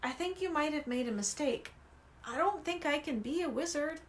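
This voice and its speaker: A woman voicing a quiet, timid young boy who speaks hesitantly. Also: high voice, expressive, fairly quick, a little hiss or hum. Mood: unsure.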